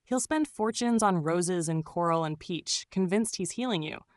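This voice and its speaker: A woman's voice: on the low side, lively intonation, moderate pace, dry recording. A woman reading scripted narration in a gushing, doting way, full of pet names.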